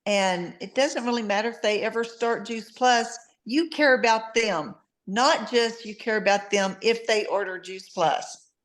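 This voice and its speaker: A woman's voice: mid-range voice, unhurried. Woman, Southern drawl, chatty, easygoing storytelling. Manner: chatty storytelling, easy laughs. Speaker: guest distributor. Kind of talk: casual video-call chat.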